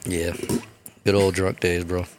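A young man with a fairly low-pitched voice, hosting a loose podcast chat. He tells stories with a lot of energy, swears constantly and acts out every quote. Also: little pitch movement, a little slow, background noise. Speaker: podcast host. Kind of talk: casual chat.

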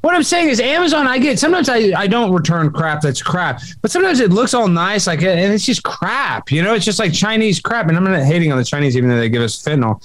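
A man talking as a comedian guest on a podcast, in jokey, excitable rants. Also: high voice, fast, hardly any pauses. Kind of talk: casual podcast chat.

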